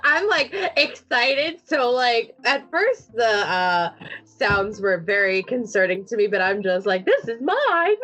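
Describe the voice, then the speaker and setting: A woman playing a tabletop game, talking in an excitable, giggly way. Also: mid-range voice, takes it slowly, faint music behind, low-quality recording. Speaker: player. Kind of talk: casual tabletop play.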